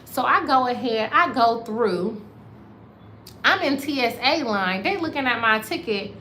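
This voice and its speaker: Woman from the US, animated storytelling, bright tone, echoey room. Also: fairly high pitch, measured pace, slight background noise. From United States. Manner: animated, addresses viewers as y'all. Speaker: vlogger. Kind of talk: casual storytelling to viewers. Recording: roomy echo, faint ambience.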